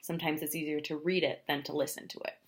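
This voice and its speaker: Low-voiced woman teaching travel Spanish. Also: flat delivery. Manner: explains phrases, then says them slowly and repeats them. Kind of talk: language lesson.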